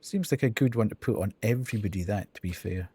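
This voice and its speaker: A man's voice: on the low side, fast talker, warm tone, slightly rough. A man streaming a video game live, thinking aloud as he counts and reads out menu options. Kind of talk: casual live gameplay commentary.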